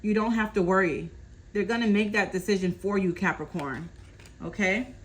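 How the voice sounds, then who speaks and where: A woman doing a casual tarot reading, calmly relaying messages from spirit and often checking in with her listener. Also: mid-range voice, moderate pace, rough recording. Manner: reassuring, keeps checking in with "okay?". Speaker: tarot reader.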